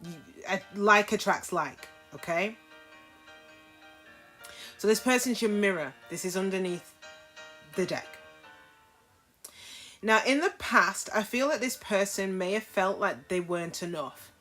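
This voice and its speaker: A woman's voice: mid-range voice, unhurried, pauses often, fairly bright tone, soft background music. A woman giving a casual tarot reading to camera, frank and chatty, often checking in with her listeners. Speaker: tarot reader.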